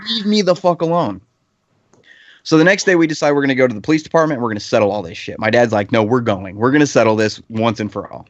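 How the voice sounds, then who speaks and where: A man's voice: medium pitch, racing, hardly any pauses, no room sound. A man in his thirties, a podcast panelist telling a heated anecdote in casual chat, swearing freely. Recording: slightly dull lo-fi podcast audio.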